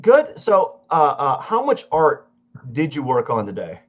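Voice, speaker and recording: A man's voice: a little high, wildly swooping pitch, measured pace. A man hosting an artist interview, playful and jokey, often stammering and restarting his questions. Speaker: interview host and art teacher. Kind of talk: casual interview. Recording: dull lo-fi audio.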